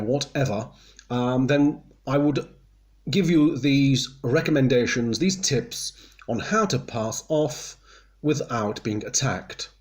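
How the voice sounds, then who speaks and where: A man giving a mock guide in a prim, genteel voice, dryly condescending and deadpan. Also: medium pitch. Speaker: comedian presenting a mock guide. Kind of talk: deadpan mock instructional comedy.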